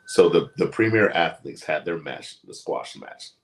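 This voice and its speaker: Deep-voiced and speaking at a measured pace, this podcast co-host chats casually about wrestling. He's an animated storyteller who performs the quotes he tells and laughs frequently.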